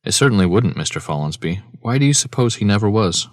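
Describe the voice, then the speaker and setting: A man's voice: lowish voice, expressive, fast, dry recording, studio quality, pitched above the performer's own voice, lightly acted. A man voicing a prim, proper young girl with a prissy, scolding manner.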